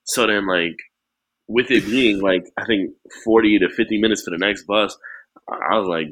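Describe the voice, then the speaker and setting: A man's voice: fairly low pitch, moderate pace, a bit bright, dry recording. A young man, co-hosting a podcast, telling a story in a chatty way and laughing at himself. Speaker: podcast co-host. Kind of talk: casual storytelling.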